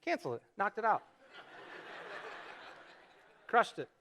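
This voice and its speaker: A man's voice: sits high, huge pitch swings, takes it slowly, vocal fry, sharp tone. A middle-aged male pastor preaching a sermon to a church congregation, telling stories about his own life in a conversational, self-deprecating way and posing rhetorical questions. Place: church sanctuary before a congregation.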